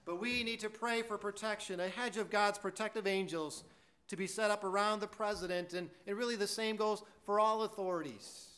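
A man's voice: high voice, steady tone, brisk, a bit bright. A man preaching a sermon, telling a story earnestly and with emphasis, now and then stumbling over a word. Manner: earnest, emphatic storytelling with some stammered restarts.

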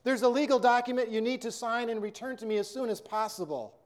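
A man's voice: very high voice, fast talker. A man voicing a cold, curt husband who is leaving his family, speaking abruptly and dismissively.

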